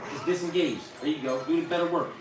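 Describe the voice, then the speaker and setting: A man hosting a live stream, giving casual, profane fight commentary and yelling coaching at the screen. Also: on the high side, quick pace. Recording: echoey room, distant mic, music behind.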